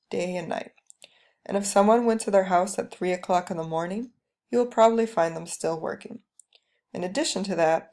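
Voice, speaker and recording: Gravelly-voiced woman reading a story. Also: fairly low pitch. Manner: calm, steady first-person narration. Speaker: reader.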